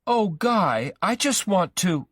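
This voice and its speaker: A man voicing a menacing, obsessive young man, his voice pushed up high and strained. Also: sing-song, slow pace, a bit bright, no echo, full character voice. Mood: insistent. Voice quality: raised, strained pitch.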